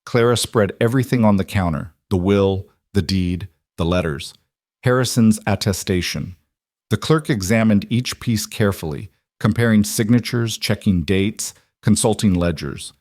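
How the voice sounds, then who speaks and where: A man giving scripted, measured narration of a western story. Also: fairly low pitch, darkish tone, no room sound, studio quality.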